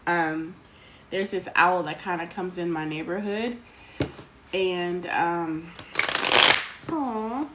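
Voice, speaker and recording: A woman's voice: fairly low pitch, slow, pauses often. Woman, live tarot host, chatty and affectionate with viewers, noisy home recording. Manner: chatty, greets viewers by name, calls them sweetheart. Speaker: tarot reader hosting a live stream. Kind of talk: casual live-stream chat.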